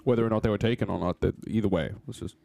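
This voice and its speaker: A man's voice: lowish voice, rapid-fire, vocal fry, warm tone, dry recording. A young man co-hosting a podcast in loose, blunt casual chat, swearing freely. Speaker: podcast co-host.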